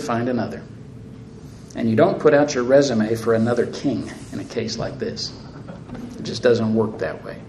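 A man's voice: mid-range voice, a little mellow, slight background noise. A man preaching a sermon in a conversational way, with wry asides as he works through a Bible passage. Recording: echoey room with faint ambience.

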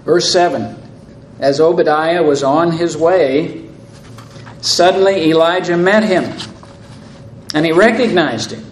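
A man's voice: on the high side, steady tone, slow, pauses often, slight background noise. A man preaching a sermon in a conversational way, with wry asides as he works through a Bible passage. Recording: echoey room with faint ambience.

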